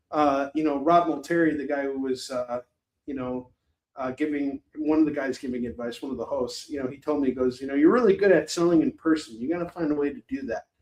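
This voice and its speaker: Rambling chatty male stream host. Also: fairly high pitch. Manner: rambling, chatty, self-mocking. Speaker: live shopping stream host. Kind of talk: casual chat. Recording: roomy echo.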